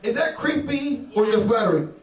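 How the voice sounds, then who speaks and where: Brash high-voiced comedian, roomy and distant. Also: male voice, animated, brisk. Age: young adult. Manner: brash, crowd-work, swears a lot, laughs at own jokes. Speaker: stand-up comedian. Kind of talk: stand-up comedy set. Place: comedy club stage. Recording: roomy live venue from a distance with crowd.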